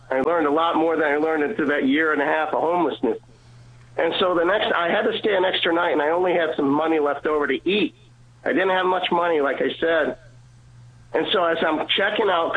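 A man shares his faith testimony by phone. His voice sits a bit high and comes through a narrow, tinny line. He tells it earnestly and acts out the people he quotes. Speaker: caller sharing a testimony.

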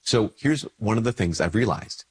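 Husky-voiced priest with a head cold. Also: male voice, expressive, moderate pace. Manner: conversational, acts out little dialogues with lifted pitch. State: congested with a cold. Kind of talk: casual spoken reflection to camera.

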